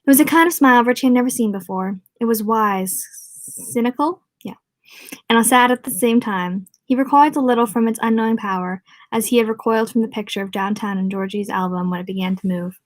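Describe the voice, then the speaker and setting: A woman reading a novel aloud in a relaxed amateur way, stumbling over words now and then and restarting. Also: on the high side, fairly quick, no echo. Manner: informal amateur reading with slips, restarts and asides. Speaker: audiobook reader. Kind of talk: casual read-aloud of a novel.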